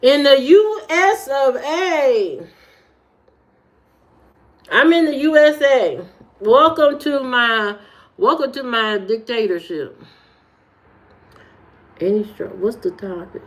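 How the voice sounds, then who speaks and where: She's an adult livestream host from Indiana with a local accent, reading comments and chatting casually. She takes it slowly with long pauses, yet her high, youthful-sounding voice jumps animatedly as she retells stories.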